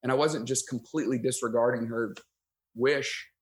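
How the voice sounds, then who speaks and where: A man, a pastor guest on a podcast, telling a story in casual conversation, self-deprecating and animated, acting out his own thoughts. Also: mid-range voice, normal speed. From United States.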